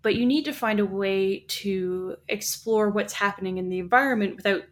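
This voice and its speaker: A woman's voice: medium pitch, moderate pace. A woman talking casually on a podcast, explaining ideas in a chatty way with frequent restarts. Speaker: podcast co-host. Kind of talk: casual chat about writing.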